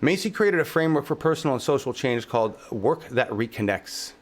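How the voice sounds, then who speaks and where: A man's voice: mid-range voice, lively intonation, brisk. A male show host delivering a heated political podcast rant, swearing heavily, fervent and exasperated.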